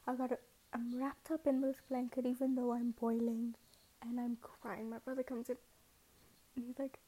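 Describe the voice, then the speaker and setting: High, soft-spoken rambling young woman. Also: breathy edge, low-quality recording. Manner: rambling, self-mocking, often drops to a whisper. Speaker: podcast host. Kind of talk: casual monologue.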